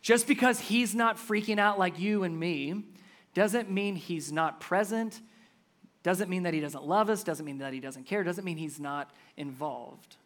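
A man preaching a sermon as pastor, earnest and building up to loud, emphatic passages. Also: high-pitched, unhurried.

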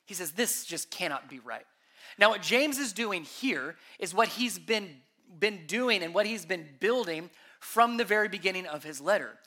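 Bright-voiced man preaching. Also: high-pitched, expressive, normal speed. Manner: emphatic, with rhetorical questions and sharp shifts in loudness. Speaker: pastor. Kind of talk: sermon.

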